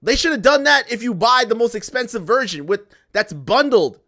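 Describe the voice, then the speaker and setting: A man's voice: very high-pitched, animated, normal speed, bright, forceful tone. A young man streaming and chatting to viewers, ranting in an exasperated way, repeating himself and swearing. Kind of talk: ranting casual chat to viewers.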